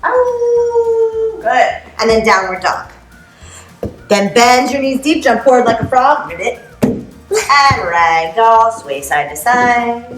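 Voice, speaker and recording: Lady teaching kids yoga, goofy animal noises, echoey room, soft music behind. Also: a little high, takes it slowly. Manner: playful, animal sound effects. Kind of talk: upbeat kids' yoga class.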